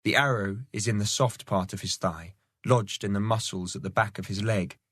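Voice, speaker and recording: Low-voiced male audiobook narrator. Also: normal speed, fairly bright tone, no room sound, clean studio sound. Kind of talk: scripted narration.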